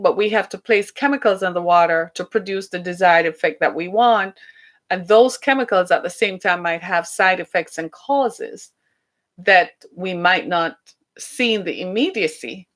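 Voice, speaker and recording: Chatty woman hosting a live stream. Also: medium pitch. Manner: conversational, chuckles at trolls, asks "right?". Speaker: livestream host. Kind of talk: casual live talk reading viewer comments.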